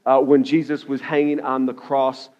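A man preaching a sermon as a pastor in a church, fervent and loud at the climaxes, with "okay?" asides. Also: mid-range voice, level tone, normal speed. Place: church sanctuary. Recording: dull lo-fi audio.

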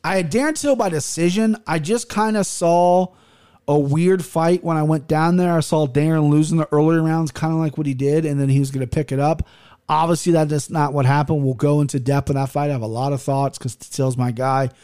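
A man's voice: fairly high pitch, a little fast, clear, resonant tone. Profane, rambling man hosting a podcast. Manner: profane, rambling and animated, with frequent restarts. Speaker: podcast host. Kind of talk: casual chat.

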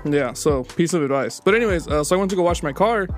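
A man's voice: fairly high pitch, animated, quick pace, faint music behind. A young man co-hosting a podcast, telling rambling stories in casual chat, swearing and laughing at himself. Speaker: podcast co-host.

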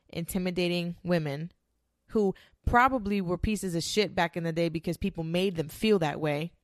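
A woman's voice: lowish voice, dry recording. Woman, podcast host, blunt and profane, emphatic, dry close sound. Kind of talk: casual monologue.

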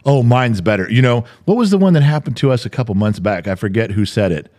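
A man's voice: mid-range voice, very animated, quick pace, warm tone. An older man co-hosting a podcast in casual chat, ranting and swearing freely. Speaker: podcast co-host.

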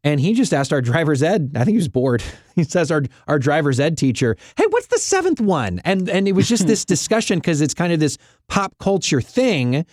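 A man's voice: a little high, no echo, studio quality. A man hosting a faith podcast in an easygoing, conversational way. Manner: lively, easygoing, fills pauses with uh. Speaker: podcast host. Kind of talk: casual faith podcast chat.

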